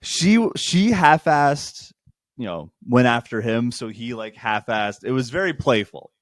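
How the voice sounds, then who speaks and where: A man's voice: medium pitch, steady tone, normal speed, no room sound, studio quality. A man co-hosting a casual podcast, joking and swearing, laughing often. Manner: jokey, profane, laughs often. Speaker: podcast co-host. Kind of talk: casual chat.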